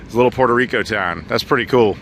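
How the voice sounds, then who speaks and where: A man's voice: mid-range voice, fast talker, crowd noise. A man hosting a travel and food vlog, chatting casually with friends in a joking, self-mocking way. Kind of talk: casual chat.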